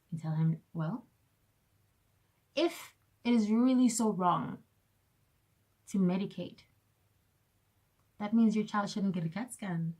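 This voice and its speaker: A young woman talks straight to her viewers in a casual vlog rant, her voice sitting a little low. She tells her stories with exasperated sarcasm and slips into mocking voices when she quotes other people. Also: warm tone, slightly rough. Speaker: vlogger.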